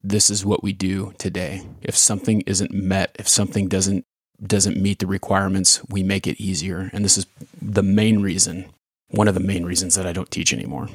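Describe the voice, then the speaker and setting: A man's voice: low-pitched, flat delivery, normal speed, slightly rough, dry recording, studio quality. A man who used to coach baseball, hosting a short podcast episode and reflecting in a plain, conversational way. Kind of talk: casual spoken podcast with read-aloud story.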